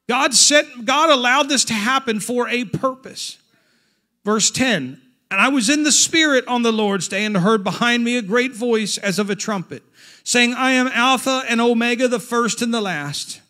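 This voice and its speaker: A male pastor preaches a Pentecostal sermon in a high-sitting voice, reading scripture aloud and building up to fervent shouts.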